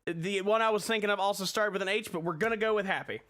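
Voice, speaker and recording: A man's voice: sits high, fast, fairly bright tone. A man hosting a casual podcast chat, rambling with lots of fillers and restarts. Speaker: podcast host.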